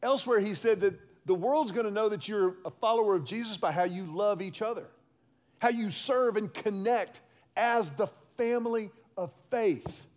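A male pastor preaching a sermon in an emphatic, animated way, calling on the congregation to respond. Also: high voice, moderate pace.

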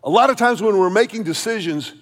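A middle-aged man preaching a sermon as pastor, repeating words as he restarts and dropping low and quiet when he tells a story. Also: expressive, a little fast. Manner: storytelling, drops low and quiet for quoted lines.

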